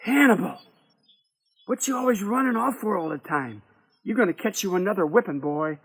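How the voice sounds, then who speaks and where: A man's voice: fairly high pitch, animated, unhurried, gravelly, fairly bright tone, no room sound, heavily acted. A man voicing an anxious young woman who scolds and fears for her sweetheart, in a dramatic reading of a play with rural dialect. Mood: urgent, scolding.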